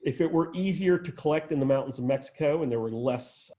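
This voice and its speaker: Speaking fairly quickly in a dark voice that leans high, an arboretum director talks informally about plants. He restarts himself frequently and drifts into asides as he chats along.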